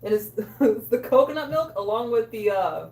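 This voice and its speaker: A woman hosting a cooking livestream, chatting casually, loud, joking and swearing with her chat. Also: fairly high pitch, expressive, moderate pace. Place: small bathroom. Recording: echoey room, a bit distant.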